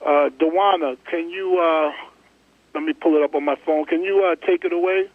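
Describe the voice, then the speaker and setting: A man's voice: on the high side, steady tone, moderate pace, no room sound. A man hosting a casual talk show, loose and joking, often restarting his sentences. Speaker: podcast host. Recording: tinny phone-line sound.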